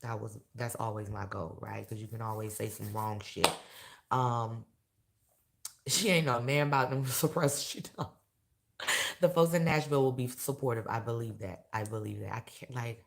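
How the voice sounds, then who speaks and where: Very low-voiced woman with a gravelly edge. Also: steady tone, normal speed. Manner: candid and emotional, swearing, heats up into loud rants. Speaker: vlogger and awards show host. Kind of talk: casual direct-to-camera vlog.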